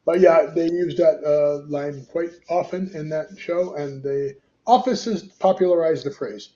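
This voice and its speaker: A man's voice: on the high side, measured pace, mellow, lo-fi sound. A man co-hosting a casual talk show, teasing his partner with quiz-style banter. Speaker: podcast co-host. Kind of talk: casual chat.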